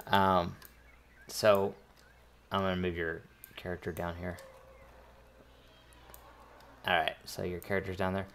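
A man runs a tabletop game with a low, smooth, clear voice. He narrates in an unhurried, rambling way, doubling back and restarting as he goes. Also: flat delivery, a bit bright. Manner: rambling, many fillers and restarts. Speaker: game master.

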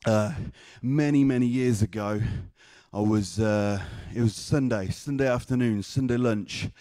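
A man's voice: mid-range voice, unhurried, dark tone, no echo, studio quality. A man with an English accent performing spoken word poetry with a rhythmic, chanted delivery and telling stories between poems. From England. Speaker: performance poet. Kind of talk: spoken word poetry and storytelling at an open mic.

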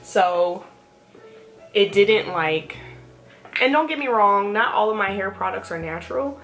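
A woman's voice: medium pitch, lively intonation, a little slow, a bit bright, soft background music. A woman talking through a hair product review in a casual, rambling way, with chatty asides, filmed at home on a camera mic. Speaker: natural hair vlogger. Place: indoors at home.

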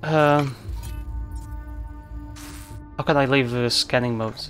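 A man's voice: medium pitch, slow pace, fairly bright tone, soft background music. Man muttering casual gameplay commentary. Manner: thinks aloud with frequent fillers, mildly exasperated. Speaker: let's play gamer.

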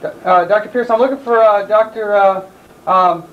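A man's voice: high voice, normal speed, narrow, tinny audio. A young man who is a medical resident, flustered and stammering in an amateur comedy sketch. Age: young adult. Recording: echoey amateur camcorder audio.

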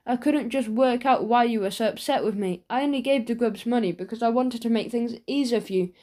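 A woman's voice: on the high side, brisk, a little mellow, close to an everyday voice. A woman reading an audiobook, voicing a lonely rich schoolboy who talks in an earnest, apologetic way.

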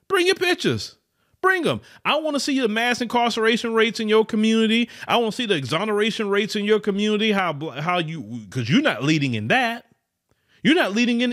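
Fired-up man with a lively, high-ish voice. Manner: preachy, repetitive, addresses listeners as y'all; mocks others in high put-on voices. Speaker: podcast host. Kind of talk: impassioned political commentary.

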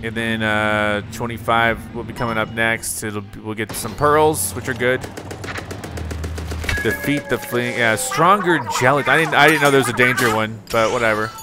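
Music runs behind this male gaming video host, whose medium-pitched, steady voice keeps a normal speed as he does a let's-play of his own game. Things going wrong make him react loudly with yelps and exclamations under pressure.

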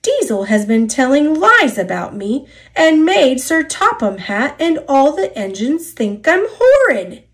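A woman voicing a polite, dignified male steam engine in a storybook read-aloud, speaking gravely and courteously. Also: a little high, big pitch swings, slow pace. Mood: aggrieved.

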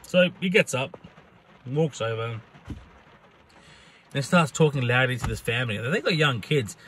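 A man and hospitality worker telling a profane, animated story in a casual vlog. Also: mid-range voice, measured pace, slight background noise.

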